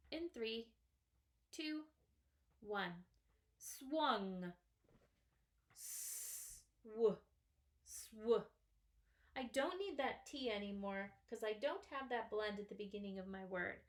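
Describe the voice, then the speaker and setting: Slow, patient woman teaching phonics. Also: mid-range voice, fairly bright tone. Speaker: first grade teacher. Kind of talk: slow, clearly sounded-out phonics lesson. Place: classroom or home, writing on a small board.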